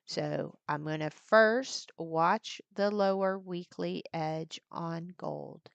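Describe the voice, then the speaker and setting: A woman's voice: on the low side, slow pace, creaky, no echo, highs cut off. A woman who hosts a live trading stream, talking casually through her chart plans and stopping now and then to chat with people around her. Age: older. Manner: chatty, breaks off to talk with her granddaughter. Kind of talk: casual live market walkthrough. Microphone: desktop mic at a computer, screen sharing.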